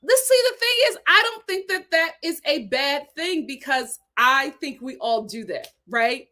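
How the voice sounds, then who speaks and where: A young woman with a light Philadelphia accent hosting a casual live-stream chat, talking in an animated way with frequent "right?" asides. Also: high voice, measured pace. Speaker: host reviewing a reality show.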